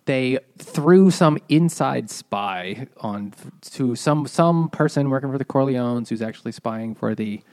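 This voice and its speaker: A man co-hosting a casual podcast, retelling a plot in halting bits with many restarts. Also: medium pitch, expressive, a little mellow, no echo, studio quality. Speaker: podcast co-host. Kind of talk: casual beer-drinking book chat.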